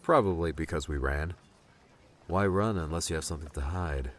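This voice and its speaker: A man's voice: rumbling low, moderate pace, voice pushed down. Man doing a wary young hero.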